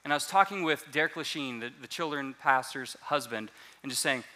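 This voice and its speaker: A man preaching a sermon as a pastor, telling a personal testimony in an animated way and often repeating words as he restarts. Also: medium pitch, fairly quick.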